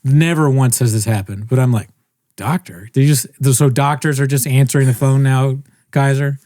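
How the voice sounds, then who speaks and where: Brief: young male podcast co-host, casual storyteller, mid pitch, dead-dry mic. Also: a little fast, dry recording. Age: young adult. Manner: rambling, animated, mimics others' voices.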